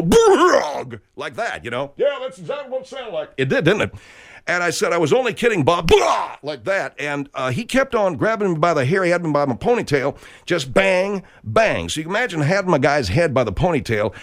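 A man from Arkansas with an Arkansas accent hosts a country show, telling a rambling comic story in a folksy way, full of filler words. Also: on the high side. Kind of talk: comedic rambling monologue.

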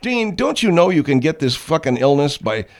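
A man's voice: on the high side, sing-song, moderate pace, gravelly. A man hosting a comedy call-in radio show, asking probing, incredulous questions and swearing freely. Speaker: radio host.

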